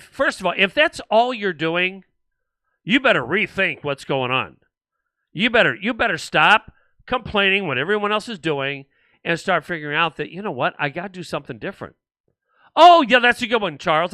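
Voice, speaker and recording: A man's voice: sits high, dry recording. A man hosting a livestream, ranting sarcastically about politics and reading out viewer comments. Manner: animated and sarcastic, mocking other voices. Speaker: livestream show host.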